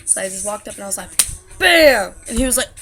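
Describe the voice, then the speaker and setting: A woman vlogger telling a story to the camera in a chatty, quick way. She breaks off with laughing asides. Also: mid-range voice, fairly even intonation, soft background music.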